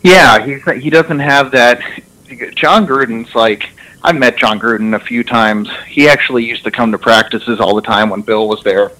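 A young man in casual chat, telling lively stories with laughter and frequent restarts, heard over a radio broadcast. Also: medium pitch, moderate pace, poor audio. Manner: animated storyteller, laughs a lot, restarts. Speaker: former football player guest.

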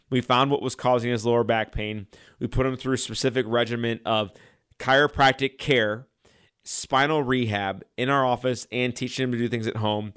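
Guy in his 30s hosting a radio health show, earnest and pushy, restarts a lot, middle pitch. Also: clear, resonant tone. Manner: earnest, exhorting, repeats and restarts often. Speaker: radio show host and chiropractor. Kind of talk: impassioned radio talk.

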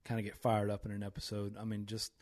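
A man's voice: lowish voice, monotone, fast talker, darkish tone. A man hosting a faith podcast, talking with fired-up, preachy energy and reciting scripture with emphasis. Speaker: podcast host.

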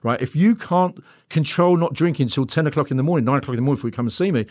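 A man's voice: a little high, racing, a little mellow. A man, a hypnotherapist guest on a podcast, telling stories bluntly, swearing freely and acting out both sides of conversations. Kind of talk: animated storytelling in a podcast interview.

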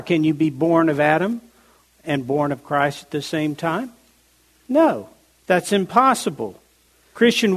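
A man preaching a sermon, stressing key words by slowing down and reading scripture aloud in a measured way. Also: sits high. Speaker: pastor.

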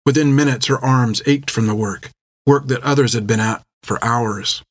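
A man's voice: mid-range voice, moderate pace, no room sound. Man narrating an adventure audiobook. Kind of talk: scripted narration.

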